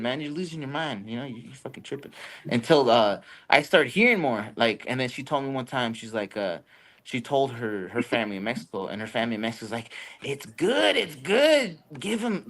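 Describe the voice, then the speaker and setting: Casting: young man, podcast host, loose, profane storyteller who jumps into high voices for quotes. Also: fairly bright tone. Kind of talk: casual storytelling chat.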